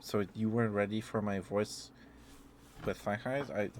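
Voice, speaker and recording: A man streaming ASMR from home, chatting softly and giggling as he greets viewers by name, close to the mic. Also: lowish voice, fairly even intonation, normal speed, a little hiss or hum. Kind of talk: soft-spoken ASMR live stream chat.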